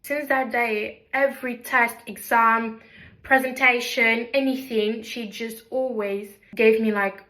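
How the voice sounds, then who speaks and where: A woman's voice: a little high, fairly even intonation, slow, sharp tone. A young woman from Belgium talking casually to her vlog camera in her kitchen, chatty and self-deprecating as she tells stories. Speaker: vlogger. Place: home kitchen.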